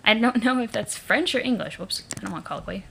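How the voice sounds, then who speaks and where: A woman's voice: on the high side, expressive, fast, vocal fry, bright, forceful tone, slight background noise. Wry woman reading a webcomic aloud. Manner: wry, playful asides. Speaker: let's play reader. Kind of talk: casual webcomic read-aloud narration.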